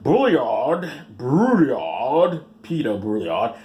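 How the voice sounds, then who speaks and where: A man's voice: mid-range voice, huge pitch swings, very slow, warm tone. A man hosting a podcast who reads news stories aloud, then breaks off into sarcastic, rambling commentary and trips over his words. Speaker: podcast host.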